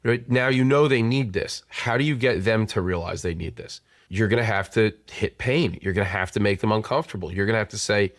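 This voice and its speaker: A man's voice: on the low side, brisk, no echo, clean studio sound. A man hosting a sales podcast, talking in a loose, rambling way with many restarts and fillers. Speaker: podcast host and sales coach. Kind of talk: casual conversational interview.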